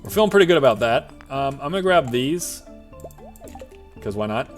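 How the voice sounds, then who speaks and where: Animated, rambling male game streamer. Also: mid-range voice, normal speed, faint music behind. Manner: rambling, jokey, self-talking asides. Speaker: VTuber streamer. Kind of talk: live-streamed gameplay commentary.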